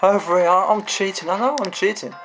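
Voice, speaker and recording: A man's voice: sits high, fairly even intonation, fairly quick, low-quality recording. A man giving frustrated gameplay commentary, swearing and exclaiming. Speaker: gamer. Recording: game music behind the voice.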